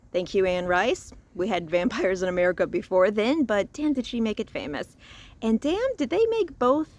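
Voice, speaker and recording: A woman from Louisiana talks through a casual review outdoors. Her pitch swings widely as she chats, expressive and unguarded. She sits at an everyday middle pitch. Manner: chatty and expressive, with frequent laughs and sighs. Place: outdoors in a cemetery.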